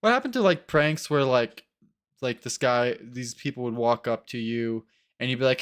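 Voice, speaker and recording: A man chatting casually in a reaction video, rambling and animated, often acting out other people's voices. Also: mid-range voice, moderate pace, clean tone. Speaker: co-host.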